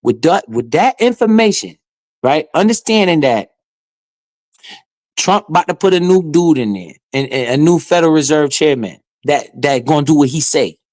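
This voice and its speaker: A man's voice: fairly high pitch, a little mellow, dry recording. A man streaming live, giving casual, slangy commentary with swearing and often speaking straight to his chat.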